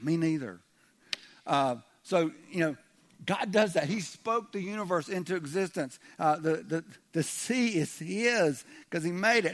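Chatty male pastor, slightly high voice. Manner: conversational, repeats words when starting, acts out quoted voices. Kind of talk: sermon.

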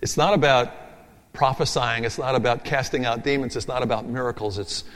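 Pastor, male, mid-pitched voice, emphatic sermon delivery with rhythmic repeats, long hall echo. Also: a little fast, a bit bright. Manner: emphatic, repeats key phrases in a rhythmic build; talks through his notes aloud, with asides. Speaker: preacher. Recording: long reverb of a large hall.

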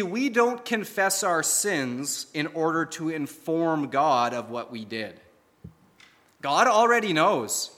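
Earnest preacher in an echoing hall. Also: male voice, high-pitched, pushed and bright. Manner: earnest, emphatic storytelling. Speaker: pastor. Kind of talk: sermon.

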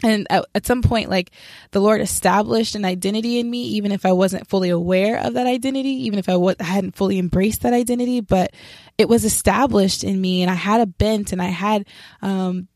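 Young woman, mid-pitched, dry close recording, straightforward and candid, telling her testimony conversationally. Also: brisk, dry recording. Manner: candid and self-reflective, acts out remembered dialogue; straightforward, describes herself as sharp. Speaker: speaker sharing a personal faith testimony. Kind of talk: casual spoken testimony.

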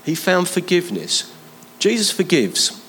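A man's voice: sits high, very animated, a bit bright, a little hiss or hum, poor audio. Emphatic man preaching a sermon. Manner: emphatic, building through repeated phrases; slows and lifts his voice to stress key points. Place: church.

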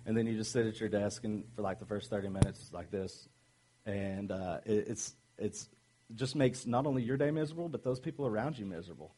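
Earnest, low-voiced man preaching casually. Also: brisk, warm tone, slight background noise, low-quality recording. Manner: earnest, conversational, many ums and restarts. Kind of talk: sermon.

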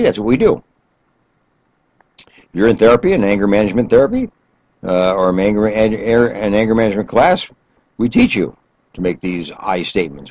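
A man's voice: lowish voice, darkish tone, slightly rough, no room sound, rough recording. A male therapist giving an emphatic self-help talk, counting off numbered steps and repeating key phrases.

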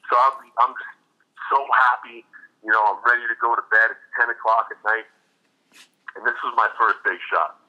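A man's voice: lowish voice, fairly quick, lo-fi sound. A man, a retired hockey enforcer, telling profane stories as a podcast guest. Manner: profane, animated anecdotes with acted quotes. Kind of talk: casual storytelling interview.

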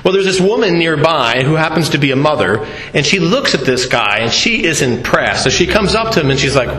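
A man preaching a sermon, telling a story with slow, deliberate delivery and playful asides to the congregation. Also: on the high side, big pitch swings, a bit bright. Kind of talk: sermon with audience interaction. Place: church. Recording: echoey church hall.

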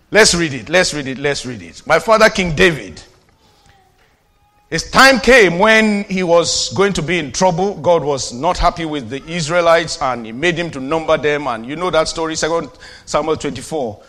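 A man preaching as a pastor, calling to the congregation and dropping from loud declarations to quiet asides. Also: a little high. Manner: preachy call-and-response, swings from shouting to quiet asides. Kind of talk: sermon.

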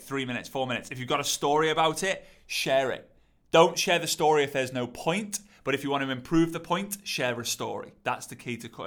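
A man coaching on content creation in an energetic, repetitive, rallying teaching monologue. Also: fairly high pitch.

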